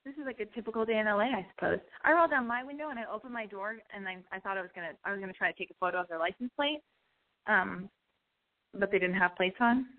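A woman hosting a call-in show, telling a profane story in an animated, ranting way. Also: medium pitch, fast talker. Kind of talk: call-in radio monologue. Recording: tinny phone-like sound.

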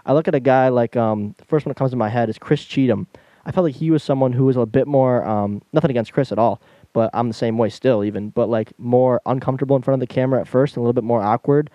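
A young man co-hosting a casual podcast, talking fast and eagerly with small stumbles and restarts. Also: mid-range voice, dry recording, highs cut off. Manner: fast-talking, enthusiastic, stumbles when slowing down. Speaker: podcast co-host.

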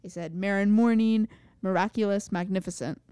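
A woman co-hosting a podcast, chatting casually about a TV show in a relaxed, giggly way. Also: medium pitch, normal speed, clean tone, no room sound, clean studio sound. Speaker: podcast co-host. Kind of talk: casual chat recapping a TV show.

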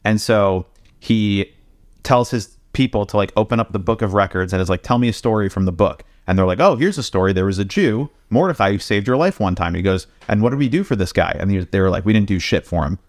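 A man co-hosting a podcast, retelling a story casually and profanely, slipping quick quoted lines into it. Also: on the low side, expressive, dry recording. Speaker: podcast co-host. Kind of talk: casual storytelling among friends.

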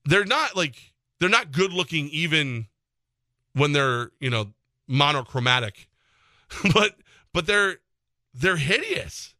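A man on sports radio, talking loosely and laughing while he complains. His voice is bright and punchy, and the studio sound is dry and close. He jumps between pitches as he rants. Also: slow, pauses often, no echo. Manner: animated, exasperated ranting with laughs. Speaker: co-host of a sports radio show. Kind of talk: casual sports talk.

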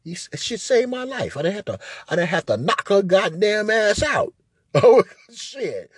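A man hosting a podcast, telling a profane, excitable story and acting out scenes with shushing and cries. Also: high voice, a little slow, breathy edge, no room sound. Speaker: podcast host. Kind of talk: animated storytelling monologue.

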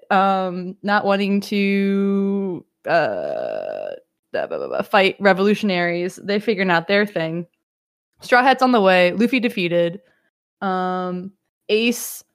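A woman's voice: mid-range voice, clean tone. A young woman co-hosting a podcast, chatting casually and giggling while rambling through a recap. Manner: giggly, rambling, quick bursts of laughter. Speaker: podcast co-host. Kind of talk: casual chat recapping an anime.

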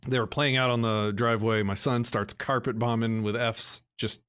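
A man's voice: medium pitch, steady tone, moderate pace, a bit bright, clean tone. A man talking casually about how he raises his kids, earnest and explanatory. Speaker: parent guest. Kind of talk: casual conversation.

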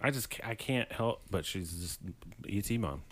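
A man's voice: lowish voice, lively intonation, normal speed, fairly bright tone. A man co-hosting a podcast in casual chat, tossing in jokes. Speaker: podcast co-host.

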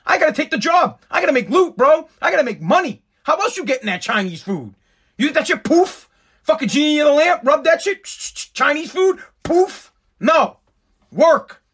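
A man's voice: extremely high pitch, animated, moderate pace, pushed and bright. A man in his thirties hosting his own podcast, ranting in a profane, exasperated and rambling way. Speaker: podcast host. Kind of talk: solo podcast rant.

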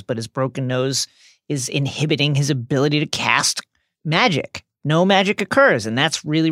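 A man co-hosting a podcast, recapping a novel's chapters in an animated retelling with the odd swear word. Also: medium pitch, no room sound, studio quality. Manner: animated retelling, mixes profanity into plot summary. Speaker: podcast co-host.

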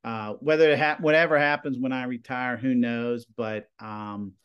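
A man in his forties, a high school TV production teacher, telling stories in a casual interview with lots of fillers. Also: steady tone, moderate pace, fairly bright tone, smooth, lo-fi sound. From Pennsylvania. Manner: rambling, filler-heavy storytelling with lots of "you know" and "like".

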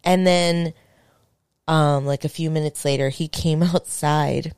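Young woman, low voice, casual podcast chat, animated storytelling, dry close sound. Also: unhurried, smooth, no echo. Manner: animated, swearing, acts out quotes. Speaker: podcast host.

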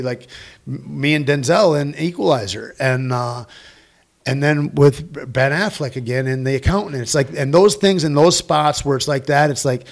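A middle-aged man with a rough, gravelly voice tells stories as a guest in a casual interview. He talks with energy and swears freely. His pitch sits in an ordinary middle range. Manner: profane, energetic storyteller. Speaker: guest actor.

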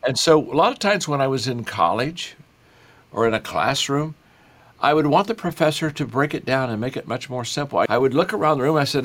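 An older man, an author appearing as an interview guest, talks in a folksy, enthusiastic style. He often repeats himself as he builds his point, at a mid-range pitch. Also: animated, brisk, a bit bright. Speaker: guest author and leadership speaker. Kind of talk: interview conversation.

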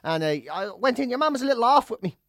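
A man's voice: very high-pitched, very animated, fast, a bit bright, no room sound, clean studio sound. A man hosting a casual chat, joking and slipping into playful put-on voices. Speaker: podcast host.

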